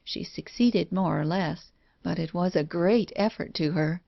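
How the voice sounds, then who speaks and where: A woman reading a first-person horror story in a measured, even way. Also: lowish voice, vocal fry, no echo. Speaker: audiobook narrator. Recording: dull dry lo-fi recording.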